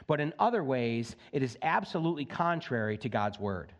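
A man's voice: on the high side, animated, brisk, hardly any pauses, highs cut off. A man preaching a sermon as pastor, in a conversational, folksy manner that acts out quoted speech. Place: church sanctuary.

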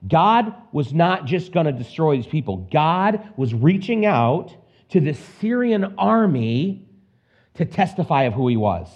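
A man preaching an expository Bible sermon, animated, acting out scenes with quick put-on voices and casual asides. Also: fairly high pitch. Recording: dull lo-fi recording.

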